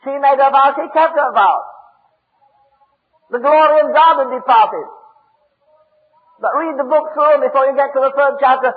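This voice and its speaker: High-voiced man preaching in an echoey hall. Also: normal speed, pauses often. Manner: emphatic, repeats words while preaching. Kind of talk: sermon. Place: church. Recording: echoey hall, tinny phone-like sound.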